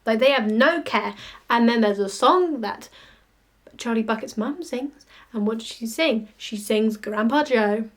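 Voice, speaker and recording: A woman ranting in a casual vlog, animated, sweary and mocking. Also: a little high, measured pace. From United Kingdom. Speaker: vlogger. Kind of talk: casual ranting monologue to camera.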